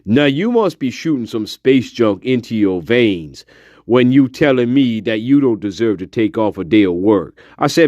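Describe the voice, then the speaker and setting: A man's voice: medium pitch, animated, normal speed, a little mellow, dry recording, muffled recording. A man hosting a casual livestream, talking to his viewers in a profane, emphatic pep talk. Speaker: livestream host.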